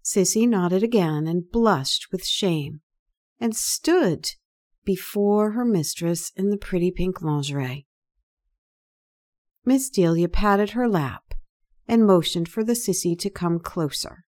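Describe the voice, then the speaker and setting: Slow, deliberate woman storyteller. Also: lowish voice, darkish tone. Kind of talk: erotic story narration.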